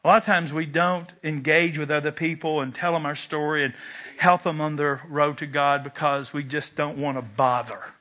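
A man's voice: a little high, normal speed. A man preaching a sermon, telling a personal story and acting out its lines. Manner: animated storyteller, shouts quoted lines. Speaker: pastor.

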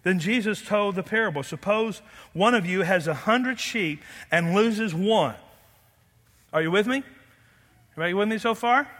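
A man preaching a sermon as pastor, animated and playful, quizzing the congregation. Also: sits high, normal speed. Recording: long hall reverb.

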